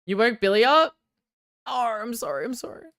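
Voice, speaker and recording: Smooth-voiced excitable woman streamer. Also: on the high side, no echo, studio quality. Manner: excitable, quick outbursts then sheepish apologies; banters with chat, swears casually. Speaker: livestreamer. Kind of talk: casual gaming livestream chat.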